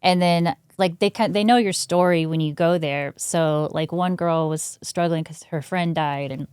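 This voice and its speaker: A woman podcast guest recounting a personal experience in a casual, halting way, shivering from the cold. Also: lowish voice, steady tone, darkish tone, clear, resonant tone, no echo, studio quality. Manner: halting, full of "like" and "um".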